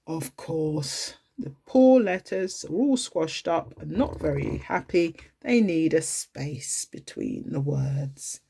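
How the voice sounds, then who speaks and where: A woman's voice: low-pitched, lively intonation, takes it slowly, gravelly, few pauses, mellow, slightly rough. A woman teaching a phonics lesson to young children from home, in an exaggerated sing-song way, playfully pretending to make mistakes. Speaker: early years teacher.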